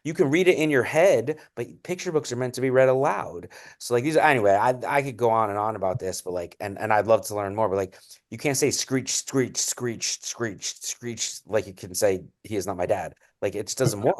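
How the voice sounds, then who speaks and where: Low-voiced man, rambling and animated. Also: brisk. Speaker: children's author. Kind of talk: casual conversation.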